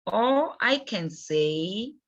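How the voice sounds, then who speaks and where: A woman teaching English grammar in a bilingual lesson, slow and patient, repeating words and checking in with "okay?". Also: mid-range voice, lively intonation. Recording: dull lo-fi recording.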